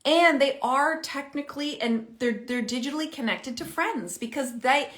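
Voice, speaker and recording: A woman's voice: high-pitched, moderate pace. Chatty middle-aged woman giving parenting advice. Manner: animated, chatty, thinks out loud. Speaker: parenting coach. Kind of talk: casual direct-to-camera advice.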